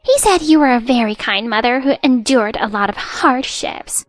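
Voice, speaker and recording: A woman's voice: fairly high pitch, normal speed, dry recording, soft background music, close to an everyday voice. A woman voicing a haughty, mocking young daughter-in-law in a narrated drama story, with a sneering, dismissive way of talking.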